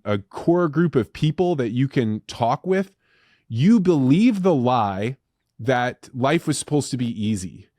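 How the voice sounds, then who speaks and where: A man's voice: medium pitch, a little mellow, no echo, studio quality. A man in his thirties hosting a podcast, speaking in an earnest, reflective way. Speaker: podcast host. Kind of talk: casual conversational interview.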